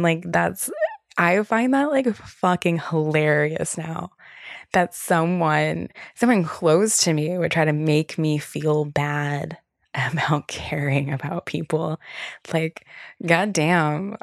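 Young NY woman, podcast host, low gravelly voice, chatty and blunt, dry close mic. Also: dry recording. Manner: candid, chatty, swears freely, many fillers. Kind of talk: casual solo podcast chat.

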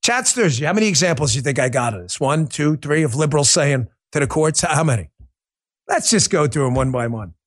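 A man hosting a political talk show, with a voice pitched high for a man. He is combative and sarcastic, hammering his points and firing rhetorical questions straight at his listeners. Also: animated, a little fast.

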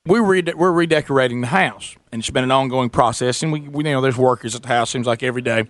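A man's voice: mid-range voice, quick pace, no room sound. A middle-aged man telling a story on a talk show, acting out both sides of the conversation. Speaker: radio show host.

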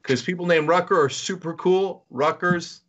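A man's voice: high-pitched, normal speed, a bit bright. A middle-aged man hosting a podcast, joking and chuckling often in casual chat. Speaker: podcast host. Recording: dull lo-fi recording.

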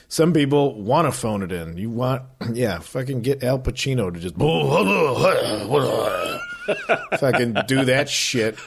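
Animated, rambling male podcast co-host. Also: medium pitch, slow, gravelly, husky. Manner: rambling, animated, swears freely, acts out quoted voices. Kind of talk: casual chat.

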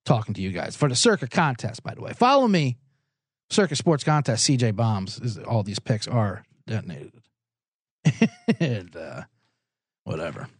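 A man hosting a sports betting podcast alone in a small recording booth, rambling comically, loud and excitable, swinging from shouting to mumbling. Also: mid-range voice, normal speed, dry recording, clean studio sound. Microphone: studio microphone.

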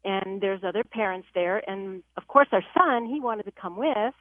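A woman's voice: medium pitch, normal speed, no room sound. Chatty older woman over a phone line. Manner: chatty storyteller, builds to punchline. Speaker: caller. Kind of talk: telling a funny family story.

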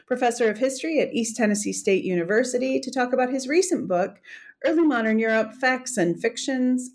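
A woman hosting an academic podcast interview, chatty and rambling, laughing easily. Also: a little high. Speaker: podcast host.

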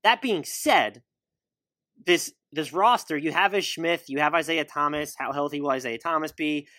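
A man's voice: fairly high pitch, moderate pace, pushed and bright, no room sound, studio quality. A man in his thirties hosting a casual sports talk show, questioning his guest and reeling off stats. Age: 30s. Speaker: podcast host.

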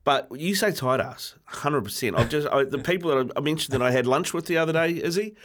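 A man with a New Zealand accent co-hosting morning radio, telling stories in a relaxed way with lots of fillers. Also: fairly high pitch, quick pace. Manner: relaxed storyteller, many fillers, laughs easily. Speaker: radio co-host. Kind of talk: casual morning radio chat.

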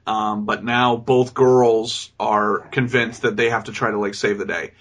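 A man's voice: on the low side, a little slow. A man co-hosting a podcast, chatting casually about a bad movie and laughing as he acts out its scenes. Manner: animated, profane, laughing, acts out scenes in quoted voices. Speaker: podcast co-host. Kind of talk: casual movie-review chat.

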